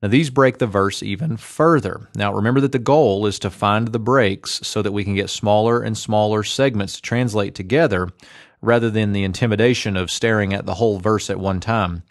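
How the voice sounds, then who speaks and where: Male teacher, low voice, dry close sound, calm methodical grammar lesson delivery. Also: no echo. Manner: measured, methodical explaining. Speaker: Biblical Hebrew teacher.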